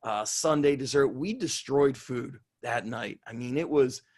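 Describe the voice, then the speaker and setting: Guy coach telling a wild story, fired up and swearing, mid-pitched voice. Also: measured pace. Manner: excitable, swears, laughs while telling stories. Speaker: strength coach guest. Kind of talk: animated storytelling.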